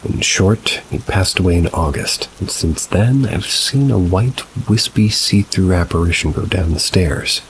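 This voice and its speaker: A man reading reader-submitted paranormal stories as scripted narration, at a slow, measured pace. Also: low-pitched, a little hiss or hum, low-quality recording. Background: rain.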